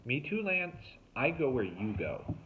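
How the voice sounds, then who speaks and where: A man's voice: medium pitch, sing-song, unhurried, a little hiss or hum, voice pushed up. A man voicing an anxious but stubborn young teenage girl. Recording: tinny phone-like sound.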